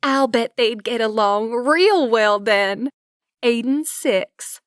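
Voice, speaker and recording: A woman's voice: on the high side, slow pace, smooth, no room sound, studio quality. A woman voicing a friendly, chatty neighbor woman with a thick Texan drawl. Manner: drawling, warm and bubbly.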